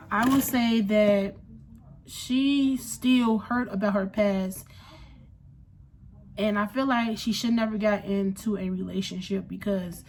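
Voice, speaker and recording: A woman's voice: medium pitch, slight background noise. A young woman giving a blunt, frank reaction, often restarting her sentences. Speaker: reaction host.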